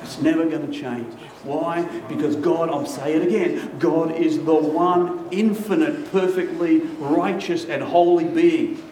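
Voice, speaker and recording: A man's voice: on the high side, steady tone, a little slow, hardly any pauses, a little mellow, roomy sound, distant mic, a little hiss or hum, poor audio. A male pastor preaching a sermon, stressing and repeating key phrases for weight.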